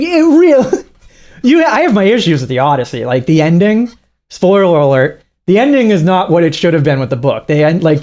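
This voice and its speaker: A podcast co-host talking in loose, casual chat, with a voice that swings widely up and down in pitch. The talk rambles and swears freely, breaking into mocking acted-out quotes. The pitch itself sits in a middle range. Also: darkish tone.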